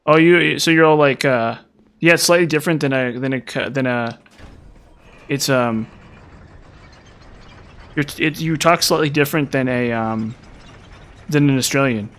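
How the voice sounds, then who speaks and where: A man's voice: medium pitch, measured pace, pauses often, fairly bright tone, clear, resonant tone. A man with a mild Utah accent, chatting casually with viewers on a live stream. He rambles, repeats words and uses many fillers. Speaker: gaming streamer.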